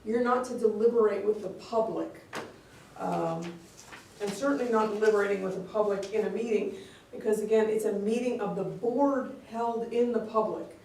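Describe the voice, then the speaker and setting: A woman's voice: medium pitch, normal speed, a little mellow, recorded from a distance, a little hiss or hum. A woman giving a conversational training talk on meeting rules, explaining step by step and acting out little quoted exchanges. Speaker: open meeting law trainer. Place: district office meeting room. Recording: very echoey room, picked up from afar.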